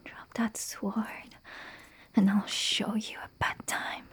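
A woman's voice: on the high side, slow, a little mellow, breathy edge, exaggerated voice. A young woman playing a defiant, haughty noblewoman with a sword in a whispered role-play. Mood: indignant. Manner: haughty, demanding.

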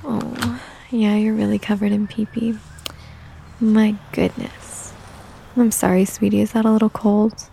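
A young adult woman performing a whispered role-play, talking softly and soothingly like a coaxing caretaker. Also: mid-range voice, little pitch movement, unhurried, gravelly, slightly rough. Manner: soothing, coaxing caretaker talk, mostly soft and close.

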